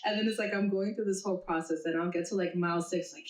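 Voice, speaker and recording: A woman in her thirties shares stories on a casual podcast, rambling and poking fun at herself. Her voice is a touch low, and a clear room echo hangs around it. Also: fairly even intonation, quick pace, hardly any pauses. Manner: rambling, self-deprecating, laughs while talking. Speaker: therapist and podcast co-host. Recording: echoey room.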